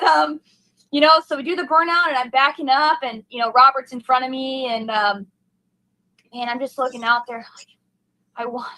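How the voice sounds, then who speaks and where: Gushing young woman, high and bright. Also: no room sound, rough recording. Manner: gushing, breathless and heartfelt, rambling with fillers. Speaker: race car driver, interview guest. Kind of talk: emotional post-race interview.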